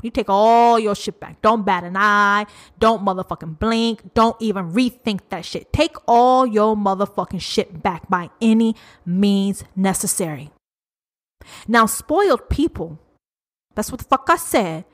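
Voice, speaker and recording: A woman's voice: mid-range voice, lively intonation, a bit bright. A woman hosting a solo podcast, speaking bluntly and profanely, drawing out her words and talking straight to her listeners. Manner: blunt, profane, emphatic and drawn-out. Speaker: podcast host. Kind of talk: uncensored solo podcast rant.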